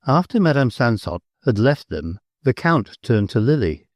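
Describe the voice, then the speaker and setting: Expressive male audiobook narrator. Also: medium pitch, moderate pace, few pauses, no echo, studio quality.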